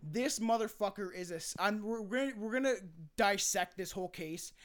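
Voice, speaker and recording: A man with a notably high speaking voice hosts a casual podcast. He rambles, swears freely and keeps restarting his sentences. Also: a little fast. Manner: rambling, profane, restarts often. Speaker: podcast host.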